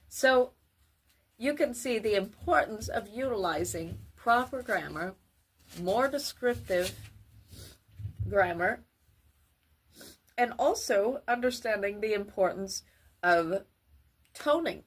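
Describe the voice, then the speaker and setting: Slow, deliberate woman teaching grammar. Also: fairly high pitch, expressive, husky. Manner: slow, deliberate, formal wording. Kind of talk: children's grammar lesson.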